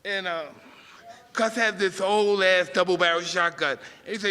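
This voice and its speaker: Excitable man rambling through a story. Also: high voice, normal speed, clear, resonant tone, big-room sound. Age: 50s. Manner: rambling, emotional, self-interrupting. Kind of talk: live anecdotal storytelling.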